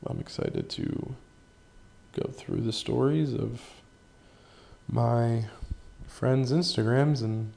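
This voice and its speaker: A man's voice: mid-range voice, very animated, drawn-out words, creaky, long pauses, darkish tone. A man hosting a solo podcast in casual chat, rambling, swearing freely and joking at his own expense. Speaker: podcast host.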